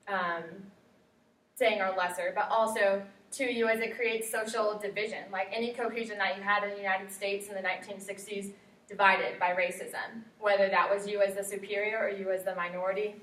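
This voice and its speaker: Her voice is medium-pitched and a bit bright as the young woman chats through a classroom presentation, filling it with fillers and quotes she acts out. The mic sits far off in an echoey room, with faint hiss.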